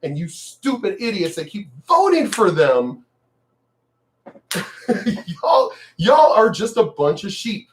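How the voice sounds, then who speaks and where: Man, high-pitched voice, angry profane rant, repetitive, mocking. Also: big pitch swings, takes it slowly, pauses often, slight background noise. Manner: shouts mock crowd cheers. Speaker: video commentator. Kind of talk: political rant.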